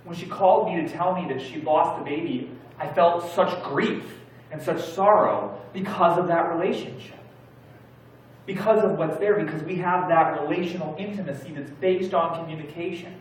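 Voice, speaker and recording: A man preaching a sermon in a church, telling stories in a relaxed, conversational way. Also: a little high, moderate pace, slight background noise. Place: church sanctuary. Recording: very echoey church hall from far off.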